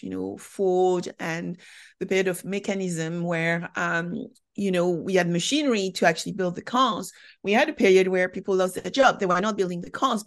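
Chatty French-accented woman. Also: medium pitch. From France. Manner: animated, chatty storyteller. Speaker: podcast guest, company founder. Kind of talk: conversational interview.

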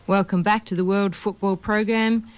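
A woman's voice: mid-range voice, fairly even intonation, moderate pace, clear, resonant tone. A woman co-hosting a radio show from the studio, chatting casually with fillers and frequent laughs. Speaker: radio co-host.

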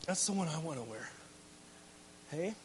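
A man preaching a storytelling sermon to a live audience, animated, laughing often and restarting his sentences. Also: fairly high pitch, normal speed, slight background noise. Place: large hall before a live audience. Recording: long hall reverb.

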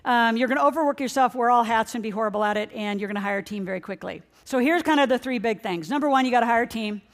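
A middle-aged woman, a financial coach, giving an energetic motivational seminar talk and speaking straight to her audience. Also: on the high side, quick pace. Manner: energetic, excitable, addresses the audience directly. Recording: long hall reverb.

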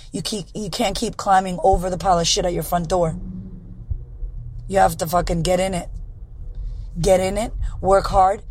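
A woman podcast host with a hoarse, raspy voice, delivering a blunt, profane motivational monologue. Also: fairly low pitch, darkish tone, a little hiss or hum, low-quality recording.

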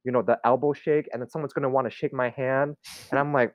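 A man's voice: mid-range voice, fast, no echo, highs cut off. A young man in a casual chat, rambling with lots of "like" and "you know". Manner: rambling, many fillers. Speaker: guest.

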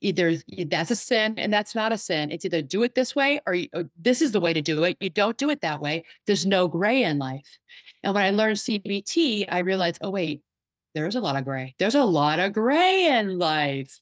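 A woman psychotherapist and life coach talking in a casual interview, animated and storytelling, acting out what others said. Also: lowish voice, fairly quick, dry recording. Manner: animated storyteller, acts out quoted voices.

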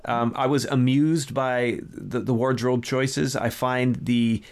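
A man giving an opinionated, animated film review in a casual chat with friends, often restarting his sentences. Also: mid-range voice, slow. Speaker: film review podcast host.

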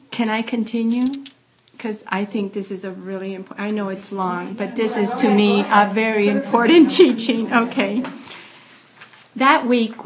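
A woman giving an earnest Catholic faith teaching to a gathering, building at times to loud, laughing emphasis. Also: medium pitch. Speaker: Catholic lay speaker giving spiritual accompaniment.

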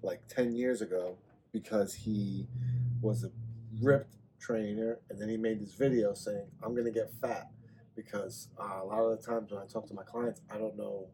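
A man in a casual podcast chat, telling animated stories and swearing freely. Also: on the low side, moderate pace, noisy background. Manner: animated storyteller, swears a lot. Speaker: podcast guest or host.

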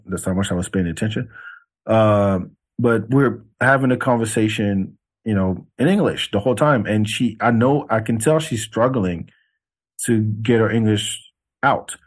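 A man hosting a podcast, telling a story in a laid-back, blunt way, swearing freely and restarting his sentences often. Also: lowish voice. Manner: frequent restarts and fillers. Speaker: podcast host. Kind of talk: casual storytelling.

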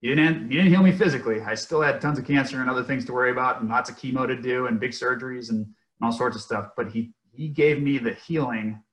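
A man, a former fighter pilot, telling a personal story in an interview in an earnest, reflective way, pausing and restarting as he goes. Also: mid-range voice, fairly bright tone. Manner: earnest, reflective, with halting pauses. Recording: echoey room.

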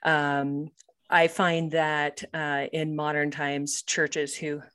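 A woman's voice: low voice, level tone, slow pace, a bit bright, smooth. A middle-aged woman, a guest author, speaking in an earnest, reflective way in a casual chat.

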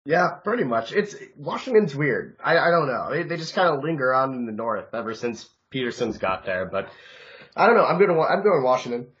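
A man co-hosting a podcast, chatting casually and excitably about football bets and mocking himself. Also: mid-range voice, fairly quick. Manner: excitable, self-mocking, frequent restarts. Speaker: podcast co-host. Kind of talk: casual sports-betting chat. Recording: dull, muffled podcast audio.

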